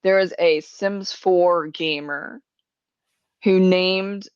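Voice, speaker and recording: A woman's voice: lowish voice, fairly even intonation, extremely slow, clear, resonant tone, dry recording. A woman hosting a podcast, chatting casually, laughing often and swearing freely. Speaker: podcast host. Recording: dry, dull lo-fi sound.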